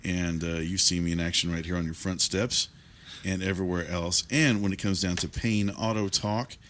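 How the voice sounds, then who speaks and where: A man, hosting an interview and telling stories in a lively way, quoting people with animation. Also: deep voice, normal speed. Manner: lively storyteller, animated when quoting others. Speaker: interview host. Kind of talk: casual interview chat, telling a story.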